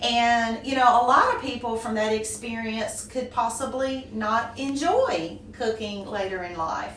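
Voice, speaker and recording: A woman's voice: fairly high pitch, a little slow. A middle-aged woman with a Southern US accent, answering interview questions graciously with frequent laughs. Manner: warm, gracious, laughs often. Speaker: guest, small business owner. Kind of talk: conversational interview. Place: room. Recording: echoey room from a distance, faint noise.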